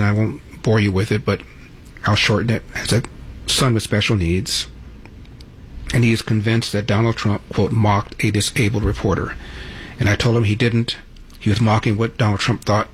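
A man's voice: lowish voice, slight background noise. A man in his seventies hosting a radio call-in show, telling stories in a chatty, conversational way. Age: 70s. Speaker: radio talk show host.

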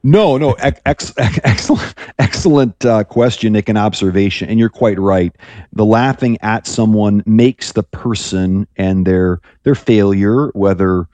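A man's voice: on the low side, measured pace, mellow, no echo. A man who is a priest, guest on a call-in radio show, speaking thoughtfully and rambling with restarts. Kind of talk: reflective radio talk.

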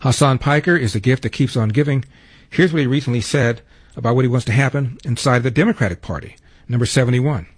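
Brash male radio host, slightly husky, dry close-mic studio read. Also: medium pitch, fast, no room sound. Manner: brash, punchy delivery. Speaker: radio talk show host. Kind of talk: talk radio monologue.

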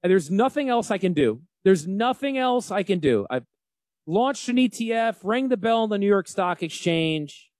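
A man in his forties with a Northern US accent, hosting a casual financial talk radio show in an animated, emphatic and folksy way. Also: high-pitched, moderate pace, no room sound. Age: 40s. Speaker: financial advisor radio host.

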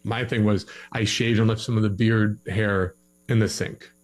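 A man's voice: lowish voice, steady tone, normal speed, low-quality recording. A young man giving relationship advice in a casual podcast conversation, acting out both sides of a couple's arguments in his stories.

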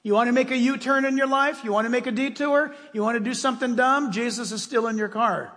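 A man's voice: extremely high pitch, fast talker, a bit bright. A male preacher giving an emphatic, folksy sermon, asking his listeners questions, heard in the long reverb of a large hall.

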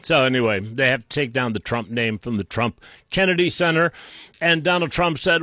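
A man with a Boston accent delivers an unscripted political rant, sarcastic and insulting, often restarting and clearing his throat. His voice sits a bit higher than most men's. The recording is dry and close, with no room echo. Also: moderate pace, pushed and bright. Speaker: political commentator.

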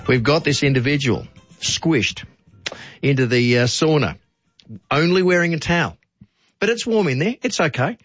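A man's voice: fairly high pitch, lively intonation, moderate pace, long pauses, no room sound, dull audio, soft background music. A man with an Australian accent hosting talkback radio, chatty and playful, joking with callers. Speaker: radio host.

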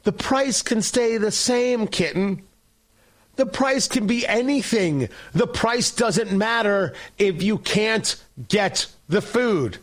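A man's voice: high-pitched, takes it slowly. A man hosting a political talk show, delivering an opinionated monologue in a sarcastic, combative, mocking way.

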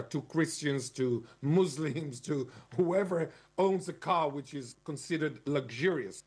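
Husky man giving a lecturing monologue. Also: on the high side, a little slow, hardly any pauses. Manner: argumentative, stresses key words, spells out terms. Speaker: commentator.

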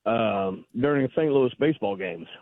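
A man's voice: medium pitch, animated, normal speed, no echo. A man calling in to a radio show, pressing his argument point by point. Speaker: caller. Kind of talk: radio call-in. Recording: tinny phone line.

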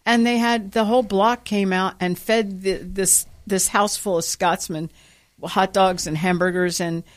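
A woman's voice: medium pitch, a little slow. A woman co-hosting a talk radio show, chatting casually and telling stories with acted-out quotes. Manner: animated storyteller, acts out quotes.

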